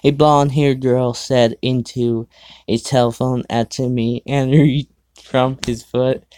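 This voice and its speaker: A man's voice: mid-range voice, flat delivery, takes it slowly, darkish tone, clean tone, no echo, studio quality. A man hosting his own show, casually reading fan fiction aloud, stumbling over the text and breaking off for sarcastic asides. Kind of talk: casual dramatic reading with commentary.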